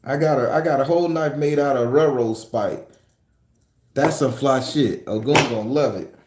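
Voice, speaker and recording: A man's voice: mid-range voice, moderate pace, darkish tone, echoey room, slight background noise. A man hosting a casual livestream from home, reading viewer comments and telling stories in a loose, profane, joking way. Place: room at home.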